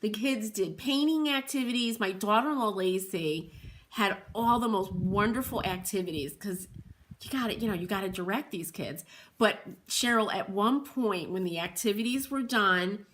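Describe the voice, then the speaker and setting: A middle-aged woman hosts a furniture painting livestream in a mid-range, fairly bright voice at normal speed. She chats in a rambling way, laughs often, and calls out viewers by name.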